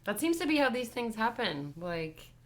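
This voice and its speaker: A woman's voice: a little high, big pitch swings, normal speed, a bit bright. A woman with a Toronto accent, a guest musician chatting over a remote call in a rambling, self-deprecating way full of "like". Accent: Toronto Canadian English. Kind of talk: casual livestream chat.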